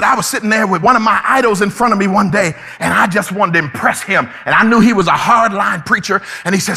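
A male pastor preaching an impassioned sermon, often shouting his points. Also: high voice, fast talker, gravelly, hardly any pauses, long reverb tail.

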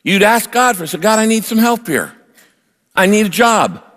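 A man preaching a sermon, telling a personal story and acting out his own prayers in an animated way. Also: high voice, normal speed. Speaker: pastor. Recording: long hall reverb.

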